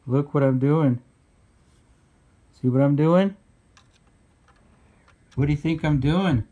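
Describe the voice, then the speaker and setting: A guitar builder filming himself with a handheld camera, talking sarcastically and ranting in mock bitterness. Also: male voice, on the high side, takes it slowly, warm tone, highs cut off. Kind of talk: sarcastic workshop vlog. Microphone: handheld camera mic.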